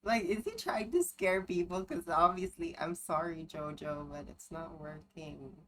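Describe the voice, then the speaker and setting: A woman's voice: lowish voice, measured pace, a little hiss or hum, low-quality recording. A woman streamer chatting casually, dropping laid-back interjections and blunt quips while reacting to a video.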